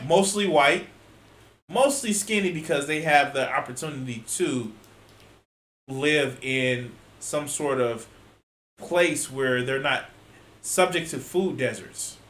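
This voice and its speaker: A man's voice: mid-range voice, takes it slowly, fairly bright tone. Exasperated, sweary man in an echoey room. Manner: exasperated, profane, sarcastic. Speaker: reaction video host. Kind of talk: ranting reaction commentary.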